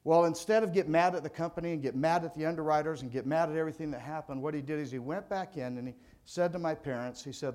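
A man's voice: a little high, fast, hardly any pauses, darkish tone. An older man from California, an insurance agent giving a motivational speech to a sales audience in a folksy, conversational storytelling manner.

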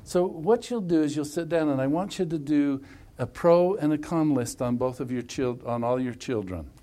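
A man leading a family workshop, coaching a couple in front of a group through animated, emphatic hypothetical scenarios. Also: on the high side, moderate pace. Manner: repetitive, emphatic phrasing.

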